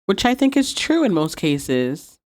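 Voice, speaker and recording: A woman's voice: fairly low pitch, measured pace. A woman hosting a podcast, casually retelling a TV episode scene by scene with playful asides. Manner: animated storytelling with playful asides and laughs. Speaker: podcast host recapping a TV episode. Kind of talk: casual recap, acting out quotes.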